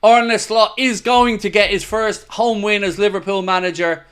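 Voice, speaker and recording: A man hosting a live football watchalong, excitable and blunt, swearing freely as he talks. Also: high voice, unhurried, hardly any pauses, clear, resonant tone. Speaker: host of a fan watchalong.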